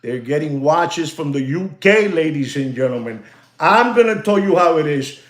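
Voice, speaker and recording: A man hosting a watch channel, ranting to his viewers in an animated, repetitive way and slipping into Spanish phrases. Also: a little high, normal speed, reverberant. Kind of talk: livestream rant to viewers.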